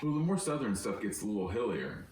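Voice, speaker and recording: A man with a low voice jokes around on a podcast, his pitch bouncing all over as he teases his friends. He sits back from the mic in an echoey room with a faint hum underneath. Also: sing-song, fast talker, darkish tone, far from the mic. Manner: joking, playful, laughs often. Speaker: podcast host. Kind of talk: casual podcast banter.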